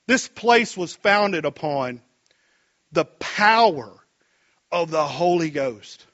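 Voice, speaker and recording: A man preaching a sermon in a church, rambling with many fillers and climbing to emphatic, excited peaks. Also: sits high, measured pace, dull audio.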